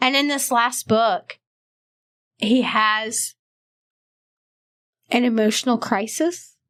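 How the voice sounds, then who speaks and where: A woman's voice: a little high, slow pace, fairly bright tone. Enthusiastic woman podcast host. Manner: enthusiastic, laughs often. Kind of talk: casual book chat. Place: library podcast room.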